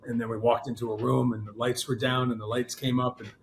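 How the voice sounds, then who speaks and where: A man's voice: medium pitch, level tone, fast, a little hiss or hum. Chatty man full of restarts. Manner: rambling, many restarts, enthusiastic. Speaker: guest. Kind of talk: casual interview chat.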